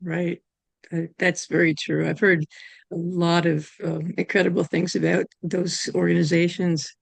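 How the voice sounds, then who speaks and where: Gravelly-voiced woman interviewer. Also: on the low side, no room sound. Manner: friendly, reads prepared questions. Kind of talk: scripted interview questions.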